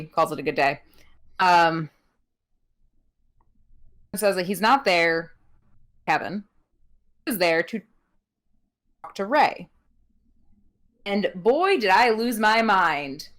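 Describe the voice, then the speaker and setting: Giggly, chatty woman podcast host. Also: medium pitch. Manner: chatty with many ums, giggles, animated voices in quotes. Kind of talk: casual wrestling recap chat.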